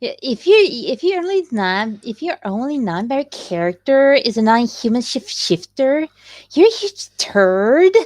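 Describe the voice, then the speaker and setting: A woman's voice: fairly high pitch, expressive, normal speed, few pauses, a little mellow, no room sound. A woman reading items aloud and reacting, exasperated, in a casual group chat. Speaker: list reader.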